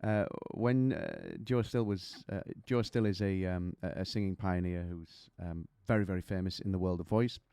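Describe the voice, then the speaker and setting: A male vocal coach talks through technique in a relaxed, chatty way, breaking into little demonstrations and stories. His voice sits low and mellow. The sound is dry and close. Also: normal speed, few pauses, clean tone, no room sound. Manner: chatty, explains with demonstrations and anecdotes. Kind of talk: singing lesson to camera.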